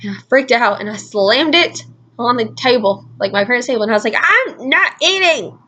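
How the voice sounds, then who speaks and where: This young woman vlogger tells a rambling story packed with "like" fillers. She speaks fast in a higher, slightly bright voice, though the recording sounds muffled.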